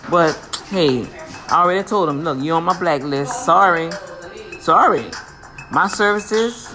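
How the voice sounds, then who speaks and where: Woman host, casual and preachy, upbeat shout-out delivery over a music bed. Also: lowish voice. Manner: lively, preachy, slangy, blessing listeners. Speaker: podcast host giving shout-outs. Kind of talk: casual motivational talk. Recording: music playing behind.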